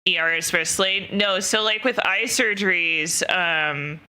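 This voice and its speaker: A woman's voice: on the low side, a little slow, bright, forceful tone, clear, resonant tone. A young woman streamer telling a personal story in casual chat, rambling with lots of fillers and frequent swearing.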